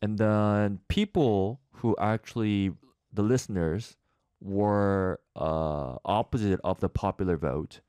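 Guy on a podcast, lowish voice, dry sound, kinda halting. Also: dark tone, clear, resonant tone, dry recording. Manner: earnest, restarts words, halting English. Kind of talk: casual chat.

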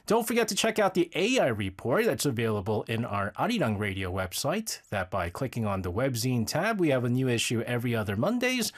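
A man's voice: mid-range voice, very animated, fairly quick, few pauses. Chatty man radio host. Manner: chatty and rambling, laughs often. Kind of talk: casual chat reading listener messages.

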